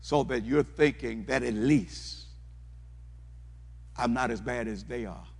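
Husky-voiced man preaching in a reverberant hall. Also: medium pitch, slow, a little mellow. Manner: fervent, repetitive preaching that asks the congregation questions. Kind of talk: sermon.

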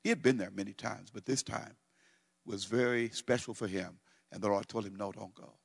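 A middle-aged man preaches a sermon with a gravelly, fry-edged voice. He climbs to loud, excited near-shouting and then sinks low and quiet. The sound carries the long reverb of a church hall. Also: moderate pace. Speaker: pastor.

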